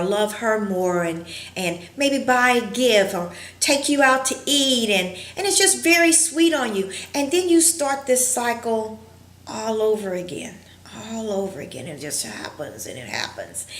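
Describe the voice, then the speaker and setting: A woman counselor giving an earnest, reflective educational talk, pausing often with fillers. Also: on the high side. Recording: roomy echo.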